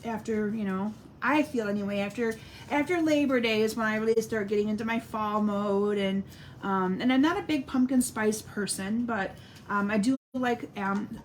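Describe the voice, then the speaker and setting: A woman's voice: on the high side, a little hiss or hum. A middle-aged woman demonstrating card making on a live stream, chatting and answering viewer comments as she works. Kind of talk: live-stream craft demo.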